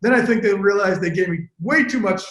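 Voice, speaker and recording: A man telling stories as a guest in a casual, profane interview, animated and quick. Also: sits high, reverberant, low-quality recording. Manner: animated, profane, fast-talking storyteller. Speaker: interview guest, sports broadcaster. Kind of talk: casual storytelling chat.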